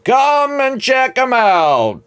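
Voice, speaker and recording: A man voicing a brash male market trader who hawks fake artifacts in drawn-out patter. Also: extremely high pitch, huge pitch swings, a bit bright, smooth, voice pushed up, exaggerated voice. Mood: hawking. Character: loud pushy male market huckster selling fake artifacts.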